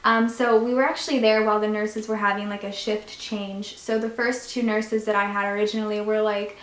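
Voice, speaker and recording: A woman's voice: mid-range voice, level tone, brisk, hardly any pauses. A young woman casually retelling a personal story on a vlog, chatty and full of fillers. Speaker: vlogger. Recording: echoey room.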